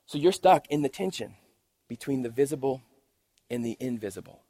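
A man's voice: medium pitch, expressive, a little fast, warm tone, slightly rough. A man preaching a sermon at a church service, reading scripture and then explaining it step by step in a conversational way. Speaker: pastor.

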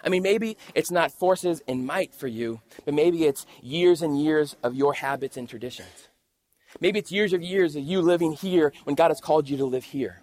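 A man with a high-pitched voice gives a sermon at a church service. He reads scripture aloud and then unpacks it step by step, talking to the congregation in a relaxed, conversational way. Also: moderate pace. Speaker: pastor.

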